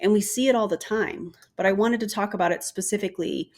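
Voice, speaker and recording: A woman's voice: mid-range voice, fast talker, darkish tone. A woman hosting a critical commentary video, talking in a pointed, sarcastic, direct way. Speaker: commentary YouTuber.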